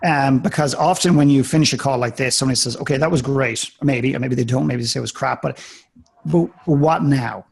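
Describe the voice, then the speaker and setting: A man's voice: mid-range voice, a little fast, vocal fry, slightly rough. A man in a live coaching call, talking earnestly and directly, often restarting his words. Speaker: life coach.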